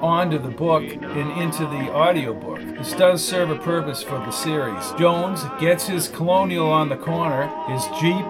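A man's voice: a little high, normal speed, hardly any pauses, loud music behind the voice. Man narrating his own audiobook.

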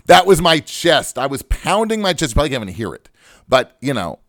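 A man's voice: on the high side, very animated, moderate pace, dry recording, studio quality. A man hosting a financial radio show, ranting with jokes and fired-up emphasis. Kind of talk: comic talk-radio rant. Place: radio studio.

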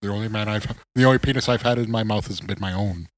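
A man's voice: on the low side, quick pace, no room sound. A man co-hosting a podcast from a remote setup, chatting casually and rambling with lots of filler words. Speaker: podcast co-host. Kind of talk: casual chat. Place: recording remotely.

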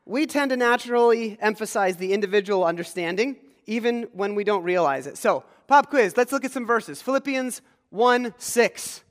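Pastor, male, from rural Pennsylvania, high-ish voice, chatty sermon, long church reverb. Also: normal speed, hardly any pauses. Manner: conversational, engages congregation with questions. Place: church sanctuary.

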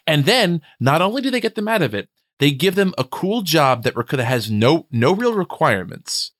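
A man's voice: fairly high pitch, sing-song, moderate pace, fairly bright tone, no echo. A man with a mid-range voice, making his case on a casual book podcast. He argues firmly and repeats key phrases, and the recording is dry and close. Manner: emphatic, argumentative, repeats phrases. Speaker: book club podcast co-host. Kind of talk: casual chat.

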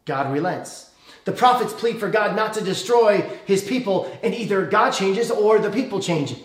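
A man with a fairly high voice gives a sermon, retelling the story casually and checking in with the congregation as he goes. His voice rings around an echoey room. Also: lively intonation, moderate pace. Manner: conversational, asks the congregation "okay?" often. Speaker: preacher.

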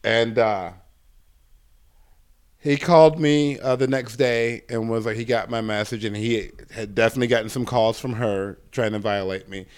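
Male comic guest, mid-pitched voice, rambling and profane, lots of fillers. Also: fairly even intonation, normal speed, clean tone. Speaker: stand-up comedian guest. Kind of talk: casual storytelling interview.

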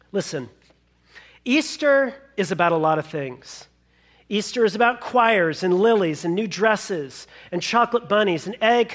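A man. He retells the story in an animated way and slips into quick acted-out asides for the people in it. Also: high voice. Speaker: pastor. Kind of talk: sermon.

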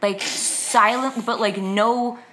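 A woman's voice: a little high, steady tone, slow pace, fairly bright tone, a little hiss or hum. A young adult woman co-hosting a podcast, chatting and rambling with lots of fillers. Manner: chatty, rambling, fond of repeated yeahs. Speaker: podcast co-host. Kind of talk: casual chat.

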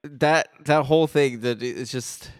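A man's voice: mid-range voice, a little slow, no room sound, studio quality. A man co-hosting a casual movie podcast, laughing often and acting out quoted lines. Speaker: podcast co-host. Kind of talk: casual movie review chat.

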